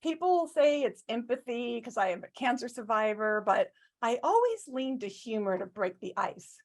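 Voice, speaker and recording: A woman's slightly high voice moves at a moderate pace as she gives a comic storytelling speech at a club. Animated and self-mocking, she often asks the listeners questions.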